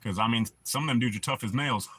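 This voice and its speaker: Husky, bright-voiced man chatting on stream. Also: medium pitch, quick pace. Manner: rambling, laid-back, swears often. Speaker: livestream host. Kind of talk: casual livestream chat.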